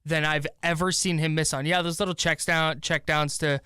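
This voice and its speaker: A man's voice: a little high, steady tone, moderate pace, sharp tone, smooth, no room sound, clean studio sound. A man co-hosting a sports radio show who argues his points and jokes around. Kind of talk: casual sports talk.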